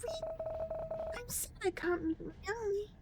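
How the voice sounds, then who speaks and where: A woman's voice: very high voice, big pitch swings, takes it slowly, heavy background noise, pitched above the performer's own voice, heavily acted. A woman doing a tiny, timid lost kitten.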